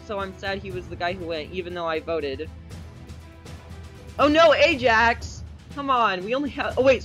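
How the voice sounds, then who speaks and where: Man, high voice, excitable gamer commentary, quick exclamations, desk mic, soft game music underneath. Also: rough recording. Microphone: desk microphone. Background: faint game music.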